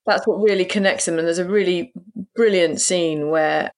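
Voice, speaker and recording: A man's voice: high-pitched, fairly even intonation, normal speed. A man interviewing an author about a novel, searching for words with frequent restarts. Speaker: podcast interviewer. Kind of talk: literary interview.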